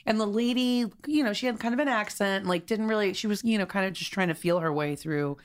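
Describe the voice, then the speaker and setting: A woman's voice: mid-range voice, fairly quick. A woman co-hosting a podcast, chatting casually and telling a story, giggling often. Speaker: podcast co-host.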